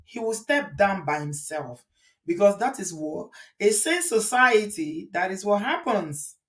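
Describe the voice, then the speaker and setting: A woman's voice: medium pitch, expressive, measured pace. A woman hosting a show, commenting indignantly on a video and repeating phrases for emphasis. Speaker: host reacting to a viral video. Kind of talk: casual commentary.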